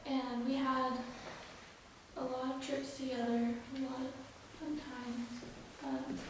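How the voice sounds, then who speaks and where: A young woman giving an unscripted eulogy at a funeral, halting and full of fillers, with soft laughs between thoughts. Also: sits high. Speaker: eulogy speaker. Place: funeral chapel. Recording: echoey hall picked up from far off with background noise.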